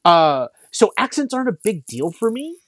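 A man talking about movies in loose casual chat, his voice sitting a little high. He rambles and restarts, full of fillers. The sound is dry and close. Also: big pitch swings, normal speed, a bit bright, no echo. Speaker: podcast co-host.

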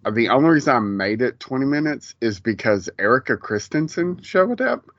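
A man's voice: mid-range voice, very animated, moderate pace, fairly bright tone, no room sound, lo-fi sound. A man co-hosting a casual pop culture podcast, rambling with lots of fillers and restarts. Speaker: podcast co-host.

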